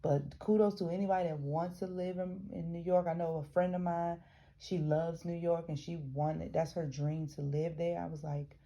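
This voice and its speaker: A woman's voice: lowish voice, steady tone, moderate pace, dark tone, muffled recording. A woman from the American South reading a memoir aloud and breaking off into chatty asides, restarting words as she goes. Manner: frequent restarts and self-corrections while reading. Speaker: reader.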